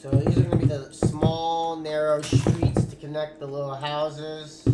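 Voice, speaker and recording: A man's voice: a little high, little pitch movement, unhurried, very noisy. A man giving casual commentary while building in a game; he talks loosely, swears when he gets frustrated, then apologizes. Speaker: Minecraft server host. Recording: echoey room, loud background music.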